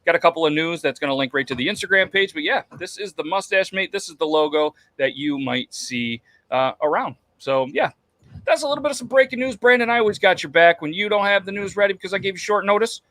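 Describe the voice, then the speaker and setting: A man's voice: high voice, animated, quick pace, bright, forceful tone, no echo. A man hosting a casual podcast chat, loose and joking, with lots of fillers and restarts. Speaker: podcast host.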